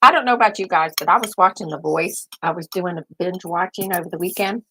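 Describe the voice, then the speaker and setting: A woman's voice: on the low side, quick pace, fairly bright tone, slightly rough. An older woman hosting a casual live stream, rambling and thinking aloud as she chats. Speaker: host.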